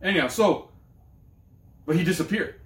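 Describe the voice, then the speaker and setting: A man with a slightly high voice spins a long, profane story for his co-host, pausing and circling back as he talks. The room around him rings with echo. His delivery is loose, animated and casual. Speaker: podcast co-host. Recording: echoey room.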